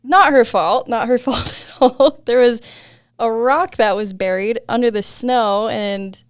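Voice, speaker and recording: A woman's voice: fairly high pitch, measured pace, clean tone, no room sound, studio quality. A young adult woman, a podcast guest, telling a story in casual chat, laughing often and saying "like" a lot.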